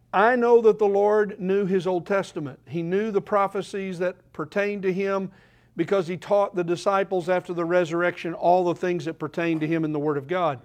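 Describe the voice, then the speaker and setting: An older man preaching a sermon, asking the congregation questions and swinging between loud declarations and quiet asides. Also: high-pitched.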